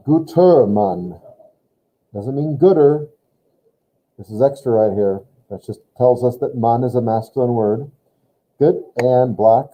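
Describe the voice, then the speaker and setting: A man's voice: medium pitch, unhurried, pauses often, warm tone. A man teaching a German lesson, patiently explaining grammar step by step and prompting a student. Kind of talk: online language lesson. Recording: tinny phone-like line.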